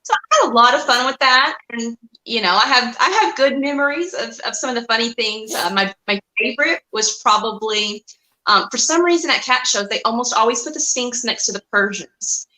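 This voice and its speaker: A woman guest on a podcast, chatting casually and telling animated stories, often laughing and acting out the voices of people in her stories. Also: on the high side, brisk, echoey room, rough recording. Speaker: guest, cat and reptile breeder.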